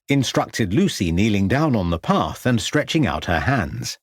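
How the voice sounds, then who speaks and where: Guy reading a crime audiobook, kinda husky, dry close sound. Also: on the low side, big pitch swings, a little slow, few pauses, dry recording. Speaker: audiobook narrator. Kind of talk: scripted narration.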